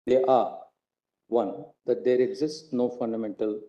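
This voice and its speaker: A judge with an Indian English accent reads a separate opinion in a formal, careful manner. His voice sits mid-range and sounds very dark. The recording is dull and lo-fi. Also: medium pitch, fairly even intonation, a little slow. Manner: formal, careful reading with small self-corrections. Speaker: judge reading a judgment. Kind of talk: reading a court judgment aloud. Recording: dull lo-fi courtroom broadcast.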